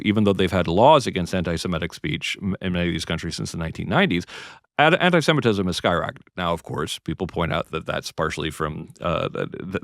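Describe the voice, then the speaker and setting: An earnest man from the greater New York area makes his points emphatically, often halting and restarting mid-sentence. His voice sits on the low side. The recording is dry and close. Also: fairly bright tone, dry recording. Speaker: guest, free speech advocate. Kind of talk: conversational interview.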